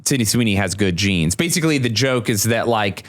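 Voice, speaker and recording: A man, a stand-up comedian as podcast guest, telling a story in an animated, sarcastic way and slipping into mocking voices. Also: fairly low pitch, fairly quick. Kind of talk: casual conversation.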